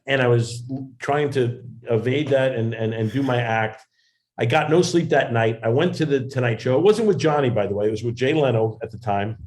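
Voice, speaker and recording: Guy guest on a video call, mid pitch, rambly self-deprecating storyteller. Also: brisk, darkish tone. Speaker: actor and comedian, guest. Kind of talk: casual interview storytelling.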